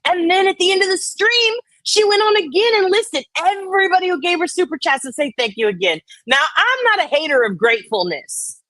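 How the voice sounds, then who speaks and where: A woman's voice: very high-pitched, pushed and bright, no echo, rough recording. A woman hosting a casual livestream, rambling, teasing and swearing freely. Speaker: livestream host.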